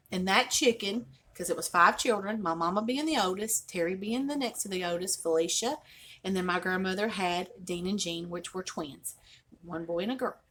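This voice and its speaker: A woman's voice: medium pitch, a bit bright. A woman in her fifties with a Southern accent, hosting a casual vlog and telling folksy, digressive stories. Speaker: host.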